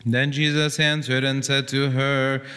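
Man reading scripture in even tones. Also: mid-range voice, big-room sound. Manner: measured, reverent reading. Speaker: gospel reader. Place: church.

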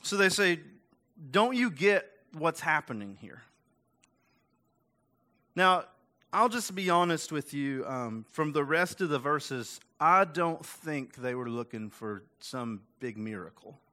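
This pastor's voice sits fairly high, sounding pushed and bright, and he speaks slowly but expressively. His conversational sermon is packed with asides and rhetorical questions, delivered in a casual, self-mocking way with lots of "like" and "right?".

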